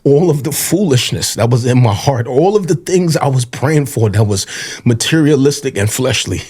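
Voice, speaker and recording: A man's voice: mid-range voice, animated, moderate pace, a little mellow, breathy edge. A pastor speaking earnestly and passionately in a podcast conversation, repeating himself as he presses his point. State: tearful at times.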